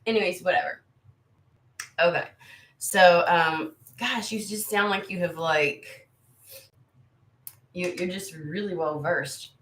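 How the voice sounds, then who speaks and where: A tarot reader from the United States hosts her channel, talking loosely and frankly with livestream viewers while cursing freely. She speaks at a fairly low pitch, animated and a little slow, slightly bright, in an echoey room.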